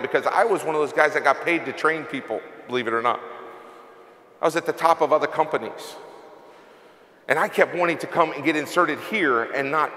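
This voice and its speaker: A man's voice: a little high, a little fast, bright, forceful tone. A middle-aged man, a company CEO, giving an emotional, confessional motivational speech from a stage. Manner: confessional, earnest, emotional storytelling. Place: large event hall. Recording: echoey hall with long reverb.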